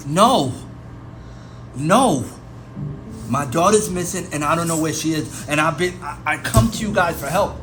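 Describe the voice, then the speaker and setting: A man's voice: fairly high pitch, lively intonation, a little slow, long pauses, a bit bright. A man playing a worried father accused of murder in an amateur audio drama, defensive and stammering, repeating himself. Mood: agitated. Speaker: suspect under interrogation. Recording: noisy amateur recording with ambience.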